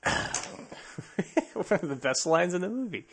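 A man's voice: a little high, big pitch swings, slow, long pauses, a bit bright. A man co-hosting a podcast, bantering casually and laughing often between jokes. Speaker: podcast co-host.

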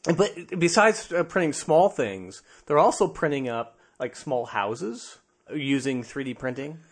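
A man's voice: fairly high pitch, animated, measured pace, breathy edge. Joking male podcast co-host. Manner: jokey, laughs often, trails off and restarts. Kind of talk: casual chat.

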